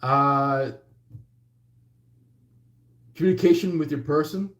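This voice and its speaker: A man's voice: on the high side, slow, a bit bright, roomy sound. A man doing a casual tarot reading who rambles with lots of fillers and acts out little quotes. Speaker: tarot reader.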